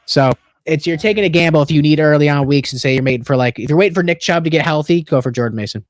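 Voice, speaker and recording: A young man co-hosting a casual football livestream, loose and profane, joking and jumping around in pitch. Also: very fast, no room sound. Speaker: co-host of a fantasy football stream.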